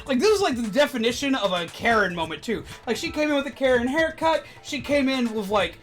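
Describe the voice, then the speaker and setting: Animated streamer telling rant stories. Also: high-pitched, a little fast, faint music behind. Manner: animated, breaks into loud indignant outbursts. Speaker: streamer, former game store manager. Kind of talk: casual storytelling on a game stream.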